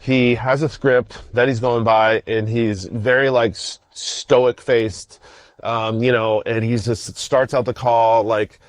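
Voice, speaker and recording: A man's voice: medium pitch, little pitch movement, slow, dry recording. A middle-aged man hosting a casual solo podcast, rambling in slangy talk with many restarts and fillers. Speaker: podcast host.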